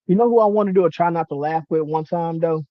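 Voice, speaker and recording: A man's voice: a little high, fast talker, no echo, dull audio. A man co-hosting a podcast in easygoing casual chat. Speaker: podcast co-host.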